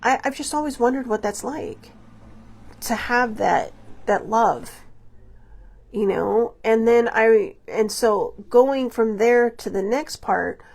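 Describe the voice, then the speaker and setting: Slow and a little high, her gravelly, darkish voice carries a reflective monologue on the podcast she hosts. She confides personal stories in a rambling way, with many fillers and restarts, and performs the dialogue she quotes.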